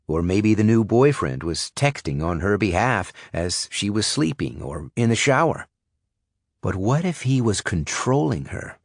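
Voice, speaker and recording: A man reading a thriller audiobook in first person, measured and suspenseful. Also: lowish voice, no echo, studio quality. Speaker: audiobook narrator. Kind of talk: scripted audiobook narration.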